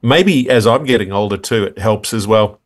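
A man, a guest impressionist, telling animated stories in an interview with frequent restarts and laughs. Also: fairly low pitch, normal speed. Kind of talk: interview chat.

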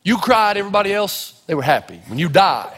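A man from Tennessee preaches a sermon in a high, lively voice that swoops up and down as he tells his stories. He acts out the people in them with plenty of energy. A long hall reverb hangs behind every word. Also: fairly quick, slightly rough. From Tennessee, United States. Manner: animated storytelling, acting out voices. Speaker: pastor.

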